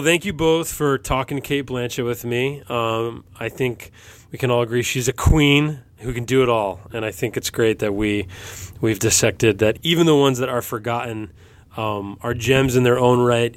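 A man's voice: medium pitch, moderate pace. A man hosting a film podcast, chatting casually and joking with his guests. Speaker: podcast host.

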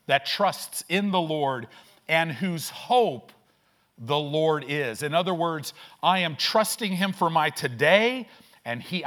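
A male pastor delivering a sermon in church, preaching with energy in quick bursts, asking rhetorical questions and trading call-and-response with the congregation. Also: fairly high pitch, fairly bright tone.

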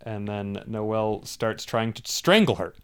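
A man's voice: on the low side, lively intonation, measured pace, clear, resonant tone. A man co-hosting a podcast, chatting casually about a movie and joking along as he goes. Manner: amused, chatty, jumps in with jokes. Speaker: podcast co-host. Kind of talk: casual movie recap chat.

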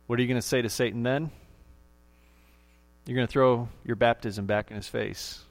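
A man's voice: medium pitch, fairly even intonation, a little fast. A man preaching a sermon in a church, emphatic and repeating key phrases. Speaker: pastor.

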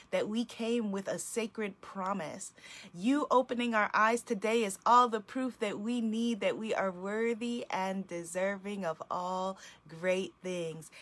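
Woman leading a soft spoken prayer. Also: medium pitch. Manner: soft, slow and reverent in prayer. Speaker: host leading a group prayer call. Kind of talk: guided meditation and prayer.

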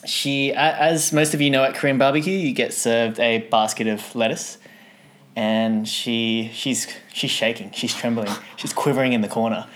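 Casual male podcast co-host, mid-pitched, laughing storyteller. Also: normal speed. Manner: animated, laughing while telling anecdotes.

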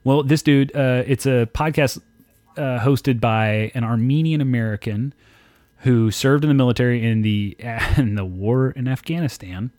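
A man co-hosting a casual podcast, heard dry and close with no room sound at all. He rants with lively, profane energy and swears constantly. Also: mid-range voice, normal speed, dry recording. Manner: animated, swears heavily, ranting. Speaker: podcast co-host.

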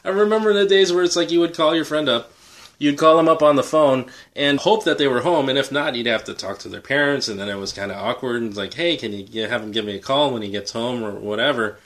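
A man's voice: mid-range voice, fast talker, fairly bright tone. A man co-hosting a podcast, chatting casually and reminiscing with frequent chuckles. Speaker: podcast co-host.

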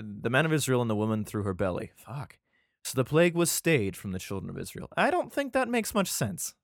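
A man hosts a podcast and reads old scripture aloud. His pitch swings up and down with animated energy. He trips over the archaic words and keeps breaking in with crude, irreverent remarks, recorded dry with no room sound. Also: dry recording. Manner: irreverent, profane asides, stumbles over words. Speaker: podcast host. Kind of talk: casual scripture reading with commentary.

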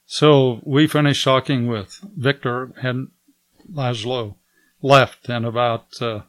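A man recounts a faith testimony at a slow, unhurried pace, his voice close and dry with no room around it. He chuckles often as he talks and lifts his voice whenever he quotes someone else. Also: medium pitch, dry recording. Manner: relaxed storyteller who chuckles often and raises his voice when quoting others. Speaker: guest telling a faith testimony. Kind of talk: storytelling testimony.

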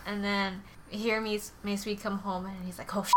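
A woman co-hosting a casual chat, animated as she recaps a TV drama and jumps into exaggerated character voices. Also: mid-range voice, moderate pace, slight background noise. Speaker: podcast co-host.

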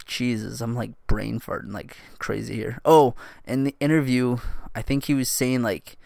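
A man's voice: mid-range voice, fairly even intonation, normal speed, creaky, darkish tone, no room sound, clean studio sound. A man hosting a solo podcast in loose casual chat, swearing and laughing often as he drifts from thought to thought. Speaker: podcast host.

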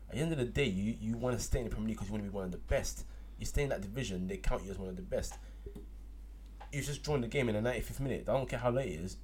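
A man, co-hosting a casual football podcast, opinionated and quick to laugh. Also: medium pitch, slight background noise. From Ghana. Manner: animated, opinionated, laughs readily. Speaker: podcast co-host.

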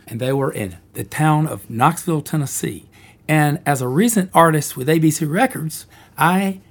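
A man in his sixties telling a wry, easygoing story about his career as a jingle writer. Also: fairly high pitch. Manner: wry, easygoing, self-deprecating. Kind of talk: storytelling reminiscence.

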